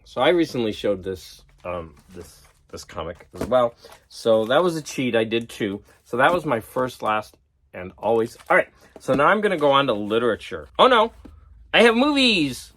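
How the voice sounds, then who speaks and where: Excitable man geeking out. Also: on the low side. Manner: excited, geeking out over comics; chatty, laughs at himself. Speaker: vlogger. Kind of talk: casual chat.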